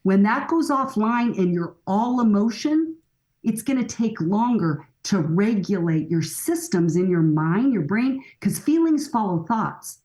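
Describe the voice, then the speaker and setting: A woman's voice: mid-range voice, animated, unhurried, darkish tone, rough recording. A middle-aged woman speaking as a guest expert in a podcast conversation, earnest and coaching, often acting out bits of dialogue.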